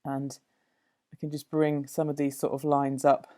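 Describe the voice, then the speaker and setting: A woman's voice: low voice, little pitch movement, moderate pace, dark tone. Thoughtful woman painting. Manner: thoughtful, musing, full of fillers and self-corrections. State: slightly out of breath at times. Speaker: art teacher. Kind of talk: casual painting demonstration.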